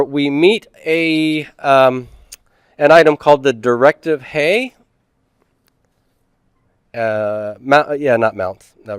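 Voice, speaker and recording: Male teacher, middle-aged, lectures at a slow pace and quizzes himself out loud. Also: medium pitch, clear, resonant tone, dry recording, clean studio sound. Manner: explains step by step, asks and answers own questions. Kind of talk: classroom lecture.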